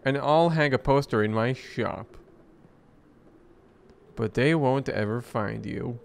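A man reading game dialogue aloud as a soft-spoken, creepy male doll shop owner who talks calmly and quietly. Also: mid-range voice, takes it slowly, gravelly, slight background noise. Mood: plotting. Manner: calm, quiet and unsettling.

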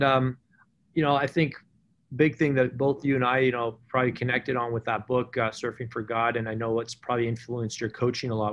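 A man's voice: mid-range voice, muffled recording. A man in an ordinary mid-range voice hosts a podcast interview. He builds long, wandering questions, full of filler words and false starts. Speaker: podcast host.

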